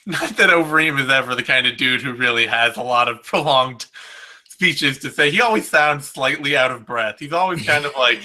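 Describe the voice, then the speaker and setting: A man co-hosting a podcast in casual chat, animated and laughing as he mimics fighters. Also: mid-range voice, normal speed. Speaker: podcast co-host.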